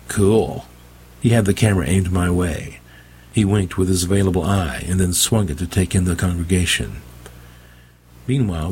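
A man's voice: low-pitched, a little hiss or hum. A man narrating an audiobook in a dry, wry storytelling manner. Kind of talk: scripted narration.

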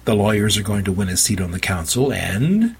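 A grandiose male vampire prophet, as an audiobook narrator puts him on. He speaks in a smug, sermonizing way. A husky, low timbre runs through it. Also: very animated, fairly quick, heavily acted. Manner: grandiose, preaching. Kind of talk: audiobook character voice.

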